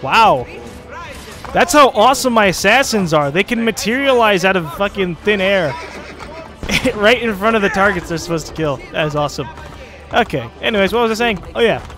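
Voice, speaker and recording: A man's voice: high voice, expressive, moderate pace, music in the background. A man giving casual commentary as he plays a video game, rambling, joking and swearing often. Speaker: let's play host.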